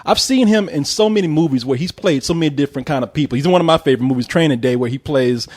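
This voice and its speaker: Fast-talking animated man reviewing movies. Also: fairly high pitch. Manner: animated, joking, laughs often, mimics characters. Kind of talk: casual movie review chat.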